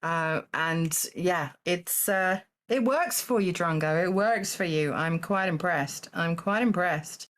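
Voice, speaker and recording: A woman's voice: on the low side, slow, few pauses, a bit bright. A woman hosting a charity game stream, chatting loosely and giggling, tripping over her words. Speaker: taskmaster host of a charity stream. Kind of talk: casual live-stream banter.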